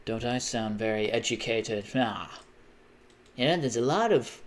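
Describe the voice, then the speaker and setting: A man's voice: medium pitch, expressive, a little slow. A man streaming live while he plays a game, rambling in a self-mocking way and chanting silly repeated noises. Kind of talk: casual live-stream chat while gaming.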